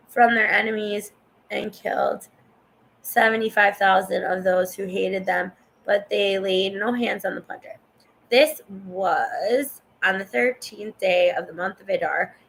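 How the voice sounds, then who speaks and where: Woman reading scripture with a gravelly edge. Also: mid-range voice, fairly bright tone, slight background noise, low-quality recording. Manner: stumbles over names, chatty asides to the viewer. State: coughing and yawning. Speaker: Bible reader. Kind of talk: casual scripture reading aloud.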